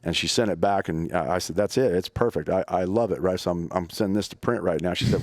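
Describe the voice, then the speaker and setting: Middle-aged guy, deep voice, swears a lot, rambles thru a story, dry sound. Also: fast talker, hardly any pauses, darkish tone, no echo. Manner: profane, rambling, laughs often. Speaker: guest, firearms trainer. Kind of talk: casual storytelling chat. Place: event venue interview.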